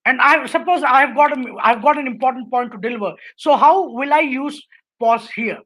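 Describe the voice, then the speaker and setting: A woman's voice: sits high, moderate pace, a bit bright, poor audio. A woman with an Indian English accent giving a webinar lecture on public speaking, going through numbered points and often checking in with "right?". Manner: instructive, lists numbered points, tags sentences with "right?".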